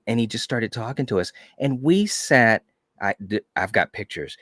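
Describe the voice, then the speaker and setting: A man's voice: medium pitch, lively intonation, normal speed, fairly bright tone, no echo, clean studio sound. A man co-hosting a casual chat, telling stories with enthusiasm and lots of "you know". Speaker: podcast co-host.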